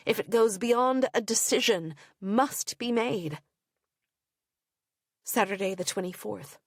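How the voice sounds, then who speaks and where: A woman narrating an audiobook of first-person diary entries in an intimate, measured way. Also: medium pitch, dry recording, studio quality.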